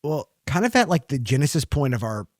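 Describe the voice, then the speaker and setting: A man appearing as a podcast guest, telling a story in relaxed casual chat and hedging with fillers. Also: medium pitch, brisk, dry recording, studio quality.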